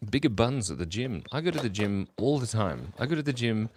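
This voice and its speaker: A man's voice: medium pitch, very animated, a little fast, a little mellow, a little hiss or hum. A man, chatting goofily while drawing on a livestream and reading out chat messages. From Australia. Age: 40s. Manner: goofy, rambling, reads chat aloud, laughs often. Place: home, early morning.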